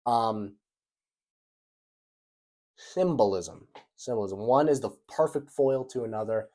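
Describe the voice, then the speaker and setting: A man's voice: mid-range voice, slow, a little mellow. A young man rambling through a casual vlog commentary, repeating himself and swearing loosely. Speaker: vlogger.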